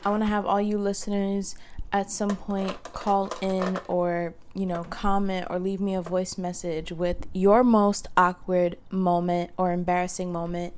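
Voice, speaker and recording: A woman's voice: lowish voice, little pitch movement, measured pace, darkish tone, a little hiss or hum. A young woman hosting a casual solo podcast, telling stories in a chatty way full of fillers. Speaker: podcast host. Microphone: podcast microphone.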